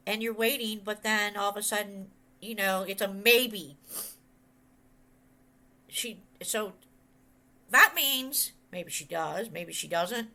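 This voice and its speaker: A woman's voice: mid-range voice, slow pace, pauses often. A middle-aged woman giving a conversational sermon as a pastor and author, telling a rambling childhood story and acting out what other people said. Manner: rambling, animated, quotes others in voices.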